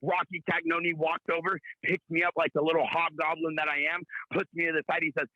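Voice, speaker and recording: A man in his thirties from Southern California, calling in as a guest and telling boastful comic stories with brash, rapid-fire bravado. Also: fairly high pitch, level tone, sharp tone, no room sound, dull audio. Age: 30s. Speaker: call-in guest.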